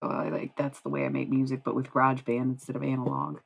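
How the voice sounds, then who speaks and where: Young woman streamer, low voice, chatty and giggly, swears a bit. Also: level tone, fast, vocal fry, very noisy. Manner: chatty, laughs often, swears casually. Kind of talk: casual live-stream chat.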